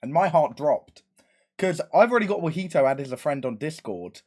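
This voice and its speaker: A man, a live streamer telling a casual story to his chat, rambling fast and acting out quoted lines with plenty of swearing. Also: on the high side, expressive.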